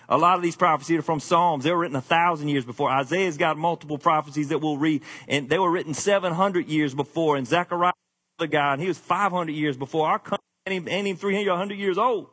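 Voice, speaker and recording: A man's voice: a little high, a bit bright. A man preaching a sermon, with rising emphasis and casual asides to the congregation. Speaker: pastor.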